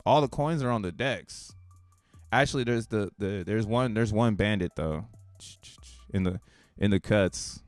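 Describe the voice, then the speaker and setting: A man with a low-pitched voice rambles through casual, slangy crypto commentary on a live stream, swearing and getting excited as he goes. His voice is close and dry, with faint music under it. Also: measured pace, dry recording. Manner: profane, excitable, slangy, thinking aloud.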